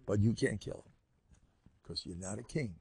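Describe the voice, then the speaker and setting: An older man voicing Abigail, a wise and pious young woman, pleading in a hushed, earnest way. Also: fairly low pitch, normal speed, vocal fry, breathy edge, heavily acted.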